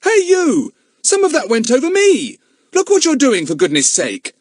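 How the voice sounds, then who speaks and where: A man doing an excited schoolboy. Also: high voice, moderate pace, slightly rough, dry recording, studio quality, pitched above the performer's own voice, exaggerated voice. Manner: excited, breathless exclamations.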